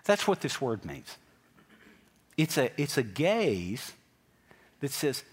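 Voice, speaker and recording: A pastor preaching a sermon in a church, talking in an animated way and putting direct questions to his congregation. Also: medium pitch, slow pace, long pauses, slightly rough. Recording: long hall reverb.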